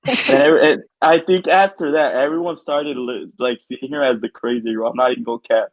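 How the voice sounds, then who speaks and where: Young dude rambling thru a story, lots of "like" and "right", dry dull mic. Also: male voice, medium pitch, steady tone, fairly quick, no echo. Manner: rambling, filler-heavy storytelling. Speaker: podcast co-host. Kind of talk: casual storytelling chat. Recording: dull lo-fi sound.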